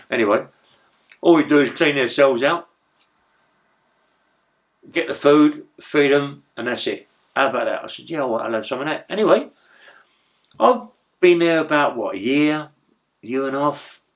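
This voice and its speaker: A man's voice: mid-range voice, lively intonation, normal speed, long pauses. Middle-aged man, rambling swearing storyteller, stammering restarts. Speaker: interview guest, former prisoner. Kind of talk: casual storytelling.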